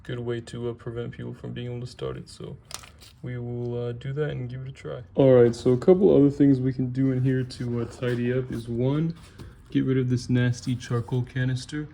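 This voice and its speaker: Working on his car in a garage, a hobbyist vlogger who restores cars gives a relaxed, chatty, step-by-step how-to explanation of his repairs. His mid-range voice is fairly quick with vocal fry, and there's slight background noise.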